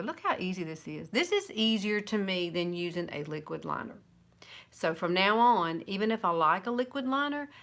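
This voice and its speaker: A woman's voice: fairly low pitch, a bit bright. Southern woman over 50, chatty tutorial host, encouraging and easygoing. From American South. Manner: chatty and encouraging, with little laughs. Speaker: makeup vlogger. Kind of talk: casual makeup tutorial, live.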